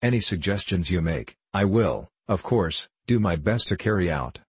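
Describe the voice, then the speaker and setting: A pompous, stiffly formal ship's captain, as a male reader puts him on in a storybook reading. The voice stays very low and slightly husky in a dry, close recording. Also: expressive, normal speed, no echo, exaggerated voice. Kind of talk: audiobook character voice.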